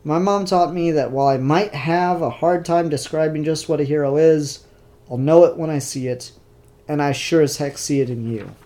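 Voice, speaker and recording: A man's voice: fairly high pitch, normal speed, warm tone, natural voice. Sincere, encouraging kid hero, slightly raised voice, read by a male reviewer. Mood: earnest. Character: earnest, good-hearted young boy hero.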